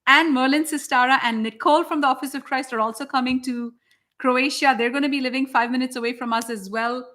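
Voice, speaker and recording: A woman's voice: sits high, steady tone, fast talker, pushed and bright. A woman hosting a live spiritual broadcast, talking in an enthusiastic, emphatic, preachy way. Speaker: spiritual channel host.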